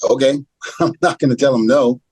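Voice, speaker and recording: A man's voice: mid-range voice, fairly quick, darkish tone, slightly rough, dry recording, rough recording. A middle-aged man, a retired wrestler being interviewed, telling a story and acting out the dialogue as he goes. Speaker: retired pro wrestler, guest.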